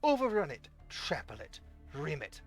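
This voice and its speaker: A streamer reading a game story aloud live and voicing a cruel, vengeful young woman who calls herself a witch, taunting slowly and theatrically. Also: medium pitch, huge pitch swings, soft background music. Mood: commanding. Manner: slow, taunting and theatrical, dropping to a menacing hush.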